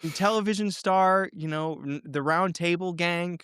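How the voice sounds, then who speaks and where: A man's voice: high-pitched, normal speed, fairly bright tone, clear, resonant tone, no echo, studio quality. A man co-hosting a casual podcast, eagerly thinking aloud while planning a story with friends. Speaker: podcast co-host.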